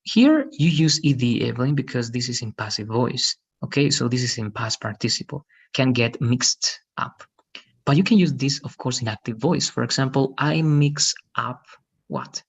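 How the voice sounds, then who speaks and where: A man's voice: mid-range voice, animated, moderate pace, gravelly, husky. A man teaching an online English lesson, patiently explaining and often checking with "right?". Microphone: video call.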